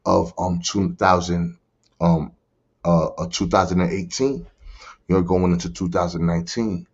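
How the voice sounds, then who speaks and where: A podcast guest from the Bronx, New York, speaks in a deep, husky voice with a steady tone and measured pace. He tells his life story in casual conversation as personal testimony, using streetwise slang and often asking "you heard?", in dull lo-fi audio.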